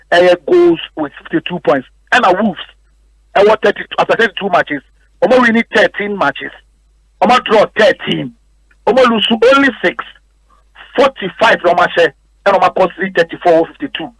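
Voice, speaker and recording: Brief: Ghanaian male radio sports analyst, high pitch, close dry mic, emphatic and repetitive. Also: a bit bright, no room sound, low-quality recording. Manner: rapid code-switching, repetitive emphatic delivery. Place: radio studio.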